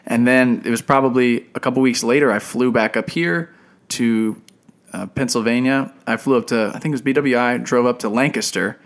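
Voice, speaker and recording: At medium pitch and normal speed, a young man on a podcast recounts a personal story as a co-host in casual chat. He brings it to life by acting out everyone he quotes.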